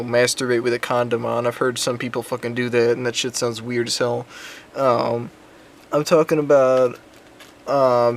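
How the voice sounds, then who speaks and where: A man's voice: mid-range voice, slight background noise. A young man chats to his viewers in a loose, rambling vlog, swearing freely and stumbling through ums and self-corrections. His voice sits in an ordinary middle register, and he tells stories with crude asides. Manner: profane, rambling, crude jokes; frequent ums and restarts. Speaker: vlogger. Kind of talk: casual storytelling vlog.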